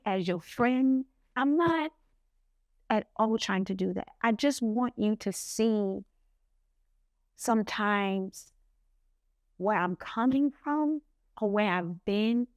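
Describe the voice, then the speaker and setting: Slow, earnest woman podcast co-host. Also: medium pitch, no echo, studio quality. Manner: slow, earnest, reflective with pauses. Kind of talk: heartfelt podcast talk.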